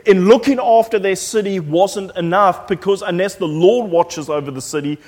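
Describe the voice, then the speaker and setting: A pastor preaching a sermon with animated, emphatic storytelling and frequent repetition. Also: male voice, high-pitched, moderate pace. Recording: echoey hall.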